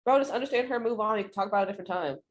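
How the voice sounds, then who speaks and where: A young adult woman co-hosting a podcast in casual chat, speaking earnestly and reflectively with quick quoted asides. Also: mid-range voice, lo-fi sound. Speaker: podcast co-host.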